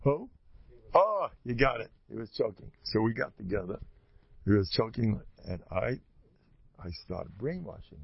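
Male lecturer, gravelly, rambling storyteller, muffled lo-fi recording. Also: lowish voice, animated, measured pace. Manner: rambling storyteller who acts out dialogue. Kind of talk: informal religious talk to an audience. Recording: muffled lo-fi recording with faint noise.

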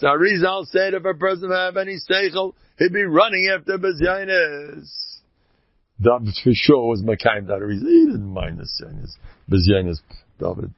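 A gravelly, husky-voiced man gives an informal religious talk, his pitch leaping all over as he rambles and mimics the people he talks about. It sounds like a dull, lo-fi recording. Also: no room sound.

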